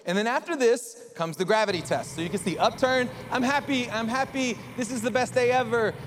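A male pastor with a high voice delivers a lively, story-driven sermon. He keeps turning to the congregation to get them involved, and his voice carries a long reverb through the church hall. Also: fairly quick, a little hiss or hum. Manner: animated storytelling, addresses the congregation.

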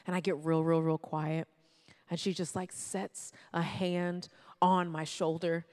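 A woman telling a personal story to an audience, lively and talking straight to her listeners. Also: lowish voice, unhurried. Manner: lively, acts out quotes, addresses listeners directly.

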